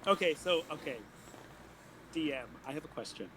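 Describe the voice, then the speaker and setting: A man's voice: a little high, animated, normal speed, crowd noise, poor audio. A man playing a tabletop game, playful and giggly, joking in character. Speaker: player.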